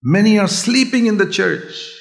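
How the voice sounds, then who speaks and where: Older man, preacher, sermon, earnest, pleading, higher-pitched voice, echoey hall. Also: lively intonation, moderate pace, creaky. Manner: earnest, pleading, shifts from hushed to raised voice. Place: church hall.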